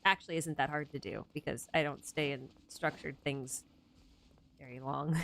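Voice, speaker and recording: A woman's voice: low voice, steady tone, normal speed, vocal fry, a bit bright, a little hiss or hum. A young adult woman hosting a casual chat, rambling and interrupting herself, often laughing mid-sentence. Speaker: host.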